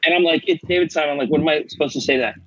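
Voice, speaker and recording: A middle-aged man, an actor guest, telling animated stories in casual chat and acting out the voices of people he quotes. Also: a little high, very fast, slightly rough, no echo, dull audio. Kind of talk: casual storytelling.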